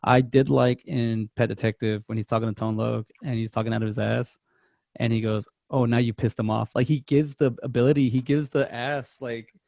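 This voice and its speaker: A man in casual conversation on a movie podcast, rambling and restarting as he goes. His voice has a gravelly, fry-tinged texture, recorded close in a dry space with no room sound. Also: mid-range voice, fairly even intonation, normal speed, darkish tone, no echo. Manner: rambling, lots of restarts and quoted movie lines. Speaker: podcast co-host.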